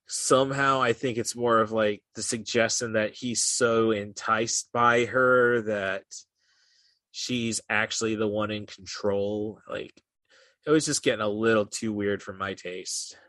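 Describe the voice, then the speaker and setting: A man's voice: lowish voice, fairly bright tone, no echo. A young man co-hosting a podcast, rambling in casual chat with lots of "like" and "uh" fillers. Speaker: podcast co-host.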